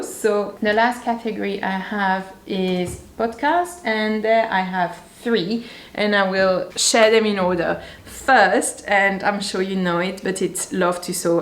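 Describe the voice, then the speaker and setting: Chatty French-accented woman in an echoey room. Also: medium pitch. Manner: chatty, enthusiastic, rambling asides. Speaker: sewing YouTuber. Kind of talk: casual chat to camera. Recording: roomy echo.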